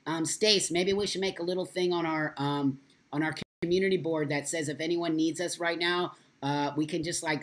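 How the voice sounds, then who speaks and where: A man talks straight to his viewers on a casual live stream. He speaks with strong feeling, curses often and reads out their comments as he goes. His delivery is loose and unscripted. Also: on the high side. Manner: impassioned, swears freely.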